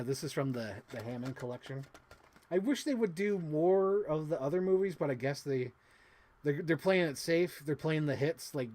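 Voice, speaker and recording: A man chatting casually as a toy collector vlogger, rambling with lots of fillers and casual swearing, and bursting into high-pitched gushing excitement. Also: slight background noise. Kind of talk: casual unboxing chat.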